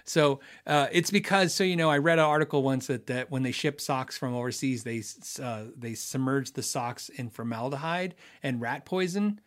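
A middle-aged man, a guitar tech hosting a podcast, chatting casually and joking with laughs, trailing off into low asides. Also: normal speed, hardly any pauses. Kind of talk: casual live-stream chat.

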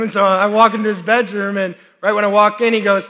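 A worship pastor in his thirties preaches a sermon in a high, bright voice, chatty and animated with plenty of fillers. He is unwell and keeps working to clear his throat. His voice rings out with the long reverb of a large hall. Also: a little fast. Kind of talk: sermon with personal storytelling. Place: church service.

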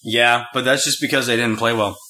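A man's voice: medium pitch, steady tone, fairly quick, bright, forceful tone, a little hiss or hum. A young man co-hosting a podcast, chatting in a rambling, teasing way. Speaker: podcast co-host. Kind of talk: casual chat.

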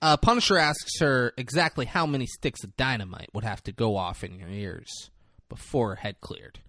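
A young man co-hosting a podcast, recapping a movie in a casual, profane, animated way and slipping into quick character voices. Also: mid-range voice, no room sound, clean studio sound. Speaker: podcast co-host.

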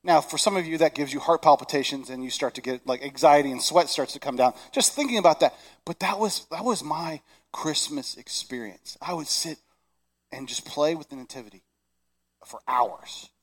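A middle-aged man preaching a Christmas sermon, animated and shouting excited lines. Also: on the high side, a little fast, husky. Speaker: pastor. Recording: long reverb of a large hall.

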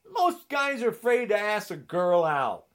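A man's voice: high-pitched, wildly swooping pitch, a little slow, a bit bright. A man delivering an angry political rant, sarcastic and indignant, often mocking.

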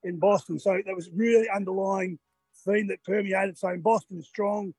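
A husky, fairly high-voiced older Australian man talks to the hosts over a phone video call from near the finish line, tired after the race. He is chatty and laughs often, and he acts out the voices of the cheering crowd. A little music plays faintly behind him. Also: steady tone, normal speed, a little mellow, no echo. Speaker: marathon runner guest. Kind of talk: casual chat on a live radio call.

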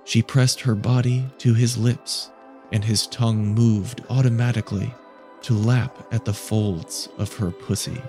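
Man narrating an audio story, measured. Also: fairly low pitch, steady tone, darkish tone, soft background music. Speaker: narrator and producer.

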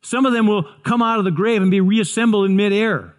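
A man's voice: sits high, brisk. A man preaching a sermon, earnest, often repeating and restarting words. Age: 60s. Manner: earnest, stumbling restarts, builds to excited shouts. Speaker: pastor.

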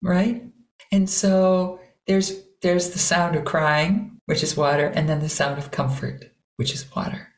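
A middle-aged woman, a voice coach, talking in an interview and demonstrating sounds with sudden loud bursts. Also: fairly low pitch, little pitch movement, measured pace. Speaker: voice coach guest. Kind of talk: conversational interview. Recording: roomy echo.

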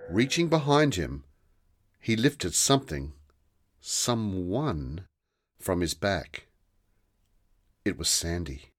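A man narrating a children's fantasy story in a slow, deliberate storytelling manner. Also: low-pitched, big pitch swings.

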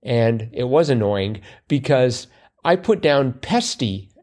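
A man's voice: mid-range voice, expressive, slow pace, a little mellow. A man co-hosting a podcast, chatting casually and self-deprecatingly, with plenty of fillers and restarts. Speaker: podcast co-host. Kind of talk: casual chat about crosswords.

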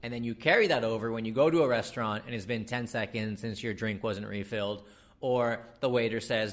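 A man with an American accent, a comedian giving a ranting monologue, animated and exasperated, swearing freely and dropping in fillers. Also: medium pitch, brisk. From United States.

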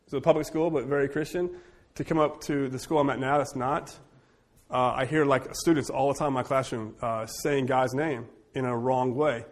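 A man who is a teacher, leading a church group discussion and telling stories in an animated, joking way. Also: medium pitch. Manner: animated, jokey storyteller with quick asides. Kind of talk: casual group discussion with storytelling.

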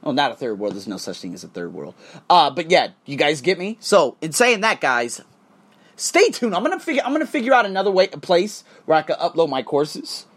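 A man's voice: a little high, big pitch swings, brisk, a bit bright. A man hosting a podcast, ranting heatedly with lots of swearing and repeated phrases. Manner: heated, profane, repetitive ranting. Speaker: podcast host. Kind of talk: angry podcast rant.

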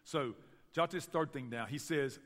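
Male pastor, Southern US accent, lively sermon delivery, raised pitch, ringing hall. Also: measured pace. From Tennessee, US Southern. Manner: storytelling, animated, addresses the church directly. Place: church sanctuary.

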